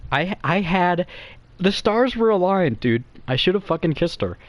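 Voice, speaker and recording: A young man telling a comic story to friends in a rambling, profane, excitable way. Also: high voice, unhurried, dry recording.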